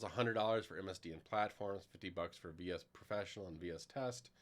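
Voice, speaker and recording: A middle-aged man giving a conversational technical conference talk with a live demo, explaining plainly with some fillers. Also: fairly low pitch. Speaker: conference presenter.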